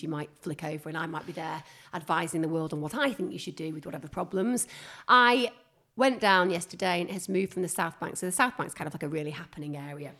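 A woman's voice: on the low side, fairly bright tone. A middle-aged British woman co-hosting a podcast, chatting casually in a rambling, giggly way. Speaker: podcast co-host. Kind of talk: casual chat.

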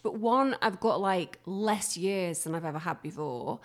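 A woman's voice: fairly low pitch, measured pace. Chatty middle-aged woman podcast host. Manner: chatty and expressive, rambling. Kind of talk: casual podcast chat. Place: home kitchen.

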